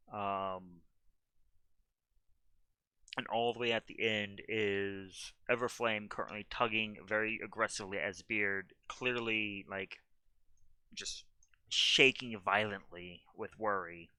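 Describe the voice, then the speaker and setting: Game master, male, bright and crisp, loose, rambling scene narration. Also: fairly low pitch, fairly even intonation, takes it slowly, dry recording. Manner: loose narration full of ums and restarts.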